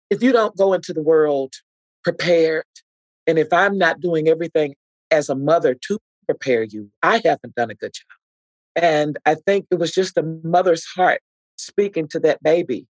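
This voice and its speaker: A woman's voice: low-pitched, no room sound, low-quality recording. A middle-aged woman telling heartfelt stories as a guest in a podcast interview, acting out what people said. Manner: heartfelt, earnest storytelling with acted-out quotes. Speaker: actress guest.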